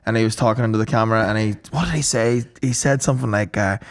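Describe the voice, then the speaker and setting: A man's voice: lowish voice, quick pace. A young Northern Irish man co-hosting a podcast, bantering easily and telling chatty anecdotes. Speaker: podcast co-host. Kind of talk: casual chat.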